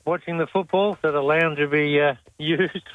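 A man with an Australian accent calling in to a radio quiz, relaxed and easygoing. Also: fairly high pitch, normal speed, dry recording, phone-quality sound. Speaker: caller. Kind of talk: phone-in quiz.

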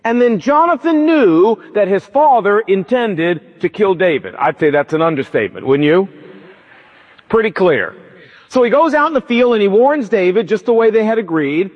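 A man's voice: high-pitched, very animated, normal speed. A man preaching a sermon, retelling a story with emphatic, preacherly storytelling. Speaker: pastor. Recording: dull lo-fi with long reverb, church sermon recording.

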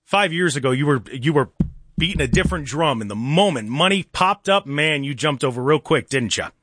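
Combative, lively-voiced male talk host. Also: on the high side, brisk, husky, dry recording, clean studio sound. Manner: combative, sarcastic, rhetorical questions. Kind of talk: opinion monologue.

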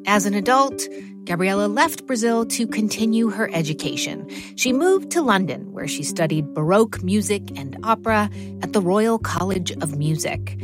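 A woman's voice: medium pitch, animated, moderate pace. A woman hosting a podcast, reading scripted narration and asking questions. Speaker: host, narrator. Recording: narration over guitar music.

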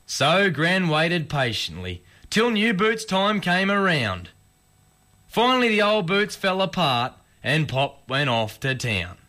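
A man reciting a comic rhyming bush poem in an animated storytelling manner. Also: fairly high pitch.

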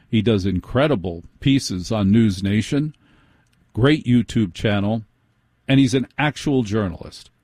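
A middle-aged American man hosts late-night radio in a wry, rambling monologue. His voice is dark and a little husky. The recording is close and dry. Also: medium pitch, no echo. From United States. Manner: chatty, wry, digressive storytelling.

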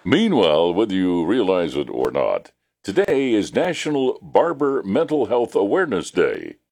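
A man's voice: on the low side, wildly swooping pitch, normal speed, gravelly, darkish tone, a faint crowd. A man hosting a radio show, introducing comedy clips and reading a sponsor segment in an upbeat announcer delivery. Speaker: radio morning show host.

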